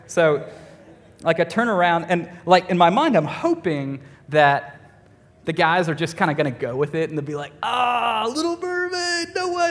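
A young man preaching, telling a self-mocking story in an animated way, full of "like". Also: a little high, big-room sound. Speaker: youth pastor. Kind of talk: sermon with personal storytelling.

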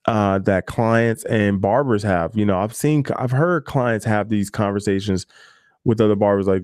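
A man's voice: lowish voice, normal speed, a little mellow, no room sound, studio quality. A man who works as a barber, giving loose, candid advice straight to the listener with plenty of fillers and asides. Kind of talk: casual advice talk to camera.

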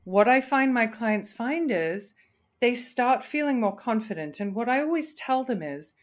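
A woman, a communication coach guesting on a podcast, speaking in a measured, instructive way with deliberate breaths and pauses. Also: on the high side, lively intonation.

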